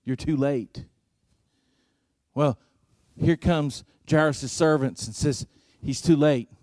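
A male preacher delivering a sermon in an unhurried, measured way, letting each phrase land. His voice sits a touch higher than most men's and swells and drops for emphasis. The sound is dry and close, with no room echo. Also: darkish tone. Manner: slow, deliberate preaching with dramatic swings in volume.

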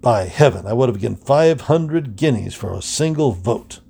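A man's voice: medium pitch, expressive, normal speed, creaky, mellow, breathy edge. A man voicing an angry conservative colonial leader who mutters through clenched teeth. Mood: bitter.

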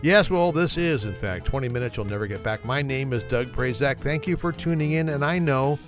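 A man's voice: mid-range voice, brisk, faint music behind. A man hosting his own podcast in a casual, joking solo chat, laughing at himself as he goes. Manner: joking, self-mocking, chuckles often. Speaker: podcast host.

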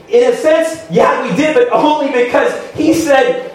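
A male pastor preaching a sermon with emphatic, halting restarts and rhetorical questions. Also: very high-pitched, expressive, slight background noise. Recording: very echoey room, voice from far off.

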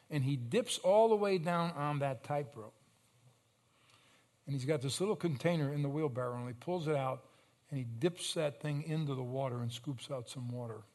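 Pastor guy preaching, kinda high voice, tells stories then gets loud and slows way down to hammer a point. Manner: storytelling preacher with sudden loud surges and slow emphatic phrases. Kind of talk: sermon.

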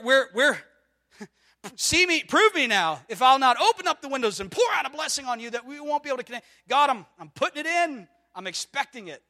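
High, bright-voiced man preaching. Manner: preaching, building from low questions to loud emphatic declarations. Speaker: pastor. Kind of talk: sermon.

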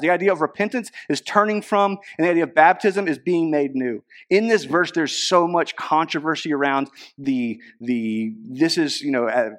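Young guy pastor giving a sermon, laid-back chatty delivery, slightly high voice. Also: moderate pace. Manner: casual, conversational preaching with fillers and laughs.

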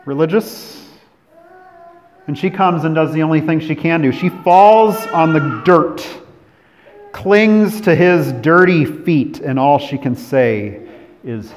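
A man from California preaching a sermon as pastor, moving between emphatic declarations and hushed, drawn-out phrases. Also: a little high. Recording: long hall reverb.

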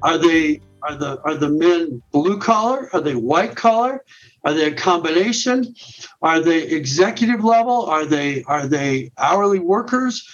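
A middle-aged man explains a ministry plan point by point in a podcast interview. His voice sits a bit high and he restarts and repeats words as he goes. The recording sounds dull and muffled. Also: expressive, measured pace, soft background music. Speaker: guest, men's ministry director.

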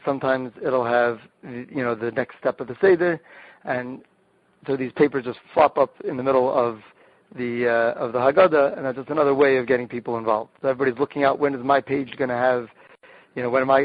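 A man's voice: mid-range voice, dry recording. A man, a rabbi, guest on the show, enthusiastically explaining group games step by step, often restarting his sentences. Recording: dull, dry lo-fi sound.

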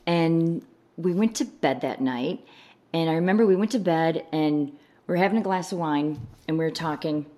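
A woman's voice: deep voice, moderate pace. A woman telling a personal story in a casual chat, acting out the voices of the people she quotes. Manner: animated retelling, laughing through quoted lines. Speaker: guest.

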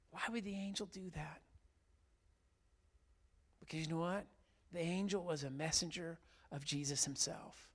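A man preaching an Easter sermon, swinging between loud, fervent emphasis and quiet, hushed passages. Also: a little high, steady tone, measured pace, vocal fry, pauses often. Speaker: pastor.

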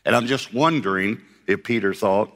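A man preaching a sermon as pastor, telling the story with lively acted-out voices and laughter. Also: lowish voice, moderate pace, in a large hall.

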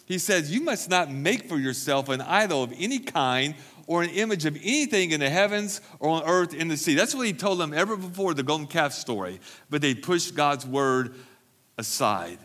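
Male pastor giving a sermon; emphatic, repeats for stress, bright and a touch high. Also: expressive, normal speed. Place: church recovery meeting.

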